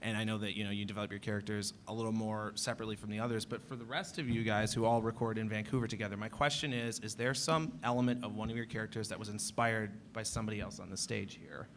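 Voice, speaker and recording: A man's voice: fairly low pitch, steady tone, fast, hardly any pauses, fairly bright tone. Male moderator, rambling questions, noisy recording. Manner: rambling, hesitant. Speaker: panel moderator. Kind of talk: convention panel questions. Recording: noisy convention hall.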